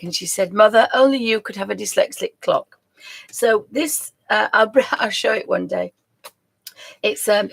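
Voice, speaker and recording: A middle-aged woman talks her viewers through a live crafts stream. Her voice has a gravelly edge of fry, and she wanders from point to point at a medium pitch, stopping now and then to apologise. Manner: rambling and chatty, with laughs and apologies. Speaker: host of a live crafts show. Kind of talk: casual live-stream chat.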